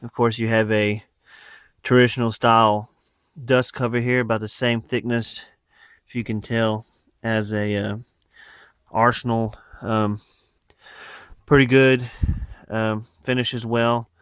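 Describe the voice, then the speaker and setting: A man's voice: medium pitch, flat delivery, unhurried, pauses often, fairly bright tone, clear, resonant tone, no echo. Guy rambling about his gear on a phone video, lots of uhs, clean voice, dry room. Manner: rambling, many fillers and asides. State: out of breath. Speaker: rifle owner showing his gear. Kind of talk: casual show-and-tell. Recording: phone recording.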